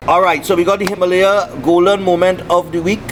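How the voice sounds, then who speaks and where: A man's voice: sits high, level tone, fairly quick, over music, low-quality recording. A man hosting a sports show in a casual, hesitant way, leading the segments. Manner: hesitant, full of fillers, leads the segments. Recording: audible background noise.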